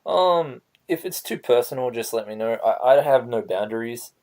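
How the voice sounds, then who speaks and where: A man's voice: mid-range voice, expressive, moderate pace, darkish tone. Joking male interviewer. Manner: loose, joking, crude asides. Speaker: interviewer, channel host. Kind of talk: casual interview chat.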